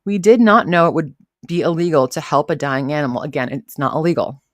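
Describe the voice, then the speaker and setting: Low-voiced chatty woman live-streaming. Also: brisk, no room sound, clean studio sound. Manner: chatty, rambling, greets chat viewers. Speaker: livestream host reacting to commentary. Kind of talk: casual live-stream chat.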